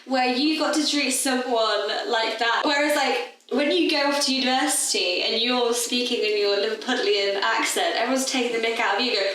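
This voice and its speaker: A woman co-hosting a podcast, chatting casually with quick, teasing banter. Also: on the high side, fairly bright tone. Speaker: podcast co-host. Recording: echoey room, distant from the mic.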